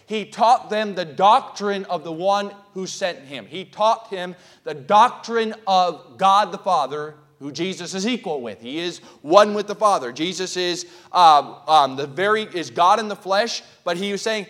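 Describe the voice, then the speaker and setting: In a church, a pastor with a notably high male voice preaches a little slowly, building to loud, impassioned cries. He pauses to ask his congregation questions and make sure they're following along.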